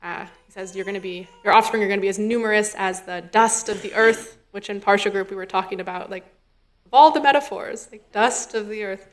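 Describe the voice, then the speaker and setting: A woman's voice: medium pitch, brisk. Woman rabbinic intern preaching in a chatty, thinking-aloud style; mid-range voice. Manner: conversational, thinking aloud with fillers and quoted dialogue. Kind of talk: sermon. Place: synagogue sanctuary.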